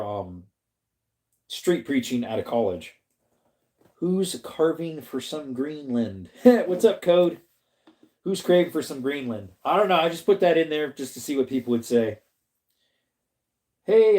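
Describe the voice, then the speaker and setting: A man's voice: medium pitch, expressive, moderate pace, a little mellow. A middle-aged man from Arizona hosting a casual livestream, rambling and chatty as he reads viewers' comments, laughs often and greets them by name. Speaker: livestream host reading chat.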